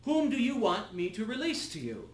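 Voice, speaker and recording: A man's voice: high voice, wildly swooping pitch, normal speed, voice pushed up. A man voicing an uneasy Roman governor, asking raised, pressing questions. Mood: pleading. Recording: echoey room.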